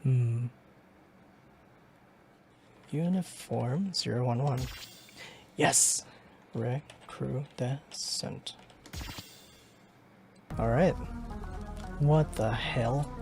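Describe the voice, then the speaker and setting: A man streaming a game, reading its story aloud with heavy emotion and frequent swearing, moving from frantic shouts to shaky whispers. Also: medium pitch, drawn-out words, gravelly, pauses often, faint music behind. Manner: swears often. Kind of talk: dramatic read-aloud of a game's story.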